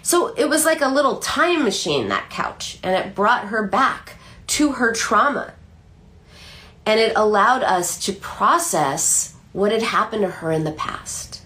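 Animated woman psychoanalyst telling a story. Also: mid-range voice, measured pace. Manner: animated storytelling with frequent restarts. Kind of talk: explanatory talk.

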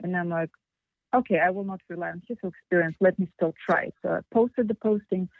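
Fast, rambling woman on a tinny phone line. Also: fairly low pitch, dry recording. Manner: rushed, rambling, self-critical. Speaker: coaching client. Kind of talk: call-in coaching session. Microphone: phone call.

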